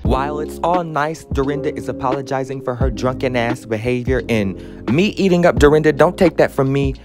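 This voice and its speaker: A man's voice: medium pitch, fairly quick. A man hosting a casual recap podcast, talking brashly with plenty of swearing and chatty asides. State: out of breath. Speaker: podcast host recapping a reality show. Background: music playing underneath.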